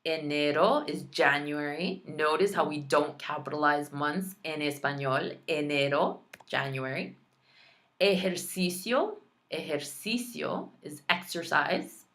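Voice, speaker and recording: A woman's voice: low voice, a little slow, a bit bright. A woman teaching a Spanish lesson online, pronouncing practice words carefully and adding chatty, playful asides.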